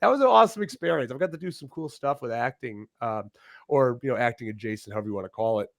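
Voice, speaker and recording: A man's voice: medium pitch, fast talker, gravelly, no echo, studio quality. A young man, a wrestler guest, chatting casually in an interview, laughing often and cursing easily. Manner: relaxed storyteller, laughs often, swears casually.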